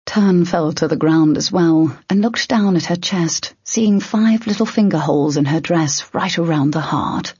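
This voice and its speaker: A woman narrating a fantasy audiobook in a measured, even reading. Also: on the low side, slightly rough, dry recording, muffled recording. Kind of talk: scripted narration.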